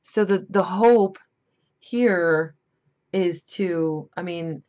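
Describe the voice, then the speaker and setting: Woman tarot reader, low voice, rambling emphatic delivery, muffled lo-fi recording. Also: extremely slow, a little mellow. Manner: chatty, rambling, emphatic warnings. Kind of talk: casual tarot reading.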